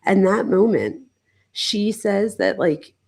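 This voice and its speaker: A woman's voice: mid-range voice, animated, slow, creaky, a little mellow, breathy edge. A woman psychologist hosting a casual true-crime livestream, talking loosely with frequent "like"s and self-corrections. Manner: chatty and loose, with many "like"s and self-interruptions.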